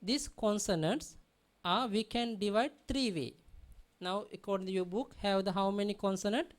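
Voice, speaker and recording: A woman's voice: medium pitch, normal speed. A woman teaching a language class, drilling pronunciation by repeating words and often checking that her students understand. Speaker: Pali teacher.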